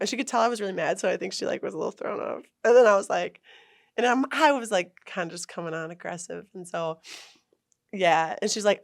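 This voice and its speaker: A young woman tells a heated story in a relaxed interview, her pitch sitting in a middle range. She gets animated and slips into quoted voices of herself and others. The sound is close and dry, with little room around it. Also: fast talker, creaky, no echo. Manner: animated, retells arguments with lively quoted voices. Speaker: guest, long-distance hiker.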